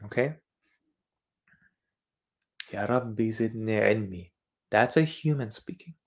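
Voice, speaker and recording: A man's voice: lowish voice, takes it slowly. A man from Eastern Europe hosting a livestreamed religious monologue. He lectures insistently and says words over and over while he explains them. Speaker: channel host.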